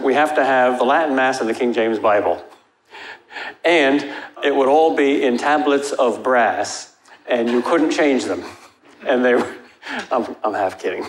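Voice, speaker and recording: Older man lecturing wryly in a hall. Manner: emphatic, wry, rises in pitch for stress. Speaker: lecturer answering audience questions. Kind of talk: Q&A after a lecture. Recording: echoey hall with faint noise.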